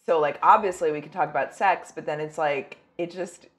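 Low voiced woman, kinda hesitant, just musing in a chat. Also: a little fast. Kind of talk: casual podcast chat.

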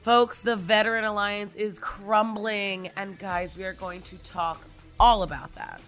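A woman co-hosting a casual podcast, animated and emphatic as she talks to her listeners. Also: mid-range voice, measured pace, faint music behind. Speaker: podcast co-host.

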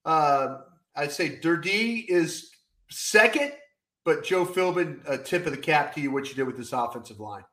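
A man co-hosting a casual sports podcast, talking in a folksy, animated way with plenty of "I tell you what.". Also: fairly high pitch, normal speed, reverberant. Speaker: podcast co-host.

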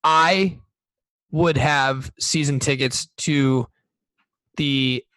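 A man co-hosting a podcast in casual chat, animated and full of restarts and hesitations. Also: medium pitch, very slow, no echo. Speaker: podcast co-host.

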